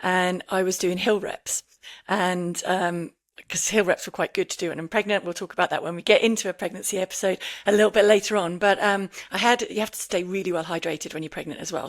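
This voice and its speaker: A woman in her fifties with an English accent, hosting a podcast and telling lively anecdotes in casual chat. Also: on the low side. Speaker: podcast host, runner.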